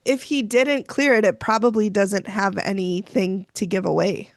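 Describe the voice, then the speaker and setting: A woman's voice: mid-range voice, steady tone, no room sound, clean studio sound. Joking woman podcast co-host. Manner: joking, quick asides. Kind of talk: casual recap chat.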